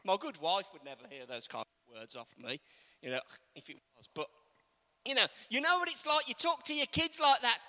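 A man's voice: extremely high pitch, sing-song, moderate pace, pushed and bright. A man preaching a sermon in a conversational way, asking the congregation questions. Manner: conversational, asks the congregation questions, acts out quotes.

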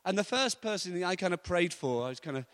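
A man preaching, telling stories in a lively, anecdotal way and chuckling often. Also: sits high, brisk. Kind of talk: storytelling sermon.

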